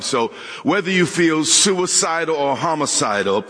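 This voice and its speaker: A man's voice: on the high side, expressive, normal speed, fairly bright tone. A man preaching a sermon to a congregation, joking and throwing questions at the room. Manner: preaching with humor and call-and-response questions to the congregation. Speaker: pastor. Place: church sanctuary with a congregation. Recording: long hall reverb.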